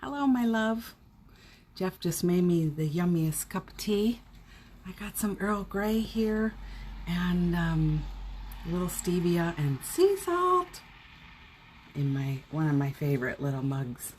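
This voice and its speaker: A woman's voice: on the low side, lively intonation, slow pace, a little mellow, slight background noise. A middle-aged woman hosting a casual morning live stream from home, cheerfully greeting viewers by name and chatting. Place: home indoors.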